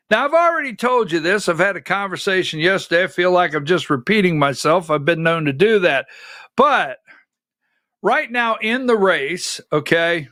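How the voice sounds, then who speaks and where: A man's voice: fairly high pitch, sharp tone, no echo, clean studio sound. A middle-aged man hosting a political commentary show, rambling and repeating himself as he calls for graphics.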